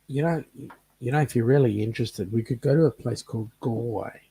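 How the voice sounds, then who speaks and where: Gravelly-voiced man chatting on a live show. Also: medium pitch, fairly quick, dark tone. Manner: reads viewer comments aloud, joking. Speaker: co-host of a live chat show. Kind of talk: casual live-stream chat.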